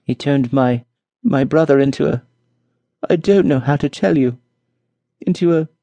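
Male reader doing a distressed young princess, high and pleading, storybook audiobook. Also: measured pace, mellow, dry recording, highs cut off. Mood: earnest.

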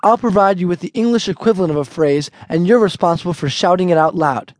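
An American man teaching an audio language lesson, chatty and relaxed, slowing down carefully to model each phrase. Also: sits high, no room sound, clean studio sound. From United States.

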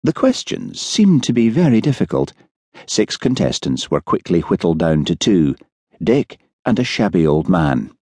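A man narrating an audiobook in a measured storytelling manner, recorded on a studio microphone. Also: low-pitched, sing-song, warm tone, slightly rough, no echo. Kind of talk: scripted narration.

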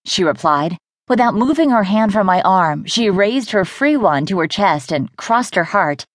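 Woman reading a romance audiobook, calm storytelling, super dry close sound. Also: mid-range voice, a little slow, no room sound. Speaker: audiobook narrator. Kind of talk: first-person romance narration.

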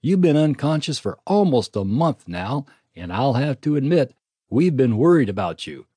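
A man's voice: mid-range voice, sing-song, normal speed, warm tone, slightly rough, no room sound, pitched above the performer's own voice. A man voicing a kind, blunt older woman nurse on the frontier, folksy and plain-spoken, in a storybook reading.

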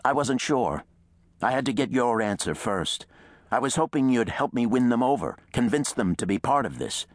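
A narrator pitching his voice well up for a heated male scientist begging a colleague to join him. His pleas are urgent and persuasive, and the voice rises high and strained. It is a dry, close audiobook reading. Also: big pitch swings, moderate pace, no room sound. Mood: cold.

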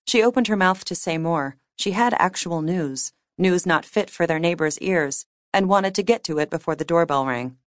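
Woman narrating a novel, deep-ish voice, close dry sound. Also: normal speed, few pauses, no room sound. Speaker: audiobook narrator. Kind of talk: scripted narration.

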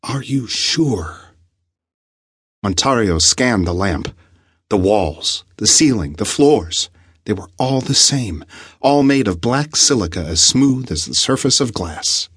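A man narrating an audiobook in a measured, suspenseful way on a close studio mic. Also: lowish voice, expressive, a bit bright, breathy edge, no room sound. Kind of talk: scripted narration.

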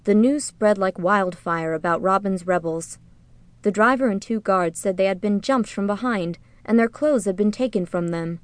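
A woman's voice: medium pitch, clean tone, no room sound. Woman narrating a storybook, dry close voice. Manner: even, measured storytelling. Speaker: audiobook narrator. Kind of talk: scripted narration.

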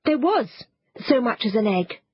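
A woman's voice: fairly high pitch, very animated, a little slow, husky, highs cut off, voice pushed up, full character voice. A woman voicing an earnest little girl who interrupts insistently.

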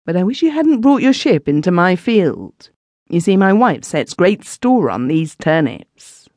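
A woman's voice: lowish voice, big pitch swings, measured pace, darkish tone, dry recording, voice pushed up. A woman voicing a worried village landlord who talks in homely country speech. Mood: bothered. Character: worried rustic village landlord, plain-spoken man.

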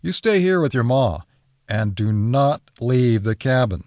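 A man's voice: mid-range voice, sing-song, a little slow, darkish tone, dry recording, studio quality, voice pushed up. A man playing a firm farmer father. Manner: firm, commanding. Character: steady farmer father with a rifle. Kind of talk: audiobook character voice.

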